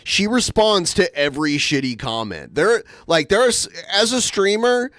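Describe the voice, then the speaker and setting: Animated man in casual commentary. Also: high voice, moderate pace, dry recording, clean studio sound. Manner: animated, amused commentary with many fillers. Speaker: podcast host.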